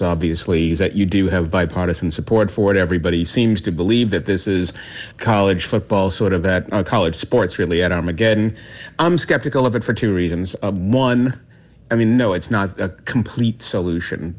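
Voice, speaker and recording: Animated low-voiced man talking sports. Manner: animated, opinionated, quick bursts. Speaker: sports commentator. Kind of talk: radio interview.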